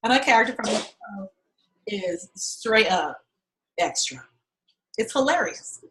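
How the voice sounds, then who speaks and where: A middle-aged woman coaching a class, talking candidly and with lots of swearing as she tells lively stories and pitches her course. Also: a little slow, poor audio. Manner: candid and profane, animated storytelling. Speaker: acting and fundraising coach. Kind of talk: casual teaching pitch.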